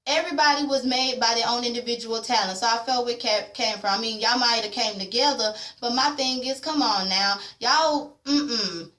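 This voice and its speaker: A woman's voice: on the high side, normal speed, hardly any pauses, sharp tone. A woman vlogger recapping a TV episode in casual, blunt and opinionated chat with slang. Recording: echoey room.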